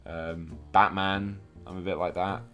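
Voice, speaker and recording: A young man with a very deep voice chats casually while commenting on a film, with faint music playing underneath. He is laid-back and often lets his sentences trail off quietly. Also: flat delivery, measured pace.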